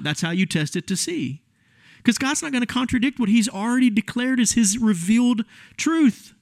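A man's voice: high voice, no room sound. A man preaching a sermon in a conversational, emphatic way, with asides to his congregation. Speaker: pastor.

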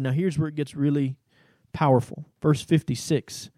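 A man preaching a sermon, reading scripture aloud and stopping to explain it, rising in pitch for emphasis and checking in with "right?". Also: moderate pace, no room sound. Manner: animated, rises in pitch for emphasis, asks "right?".

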